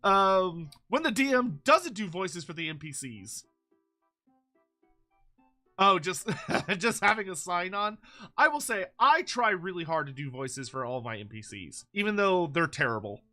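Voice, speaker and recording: Bright-voiced man ranting through memes. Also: high-pitched, sing-song, unhurried, faint music behind. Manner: rambling, swears freely, mock-outraged rants. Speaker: YouTube host reviewing fan memes. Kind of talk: casual meme-review commentary.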